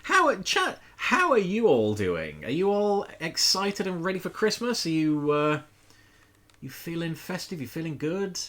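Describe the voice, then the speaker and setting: A playful man streaming a game live, his voice bouncing all over with lively pitch. The tone is bright and forward. He jokes, greets his chat and swears casually as he plays. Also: a little slow.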